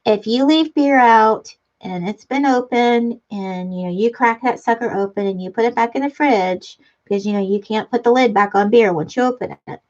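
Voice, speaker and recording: A middle-aged woman chats casually through a live stream, reading out comments and laughing often as she goes. Her voice sits a little high, and the audio is dull and lo-fi. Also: moderate pace, hardly any pauses, darkish tone. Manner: giggly, chatty, laughs often. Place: home craft room.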